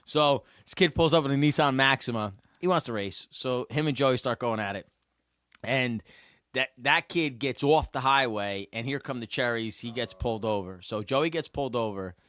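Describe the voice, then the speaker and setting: A man with a New Jersey accent co-hosting a casual podcast, telling animated stories, acting out quotes and laughing often. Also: medium pitch, moderate pace, dry recording. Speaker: podcast co-host. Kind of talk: casual chat.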